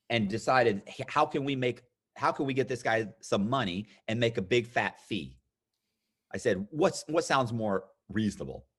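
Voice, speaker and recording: A lowish, breathy-edged voice belongs to this US man in his fifties, a guest in a casual interview. Animated throughout, he recounts a long story and performs the other people's lines.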